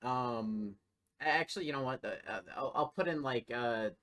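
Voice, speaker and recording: A man's voice: medium pitch, moderate pace, heavy background noise. A man co-hosting a casual podcast chat, hesitant and stammering as he talks. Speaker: podcast co-host.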